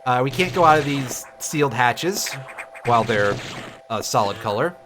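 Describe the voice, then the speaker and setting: A man's voice: mid-range voice, lively intonation, normal speed, a bit bright. A man streaming a game, giving casual, sarcastic commentary with swearing and jokes. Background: game music.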